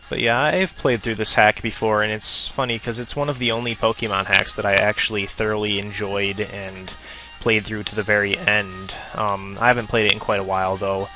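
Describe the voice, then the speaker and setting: A man's voice: on the low side, level tone, normal speed, music in the background, low-quality recording. A man giving casual gameplay commentary, hesitant with lots of ums and self-corrections. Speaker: let's player.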